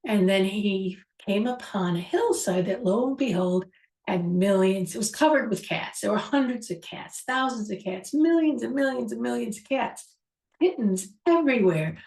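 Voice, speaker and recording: A woman's voice: mid-range voice, lively intonation, normal speed, creaky, a little mellow. A woman hosting a show, musingly retelling a childhood story with a reflective, rambling manner. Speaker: host. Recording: echoey room, far from mic.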